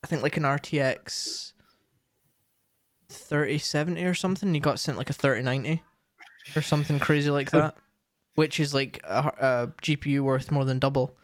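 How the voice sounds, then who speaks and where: A man's voice: fairly high pitch, normal speed, no echo, clean studio sound. A young man chatting casually as a streamer, rambling with lots of fillers and restarts. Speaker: streamer and co-host. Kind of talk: casual chat.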